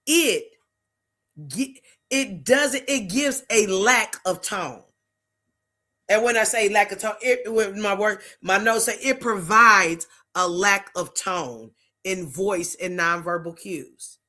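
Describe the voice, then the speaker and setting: A woman's voice: mid-range voice, bright, forceful tone. A middle-aged woman hosting a faith-based talk show, talking in an emphatic, preachy, conversational way. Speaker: host.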